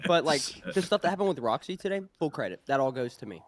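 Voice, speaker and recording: A man's voice: a little high, very animated, fast talker, crowd noise. A man in casual, crude podcast banter who rambles, mocks himself and laughs often as he talks. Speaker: streamer and show guest.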